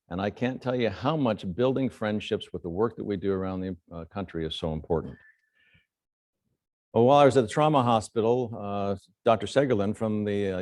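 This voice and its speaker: Surgeon guy lecturing, lowish voice, dry close mic, tells stories with lots of uhs. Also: no echo. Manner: storytelling, animated quotes, frequent fillers. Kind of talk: conference talk with anecdotes.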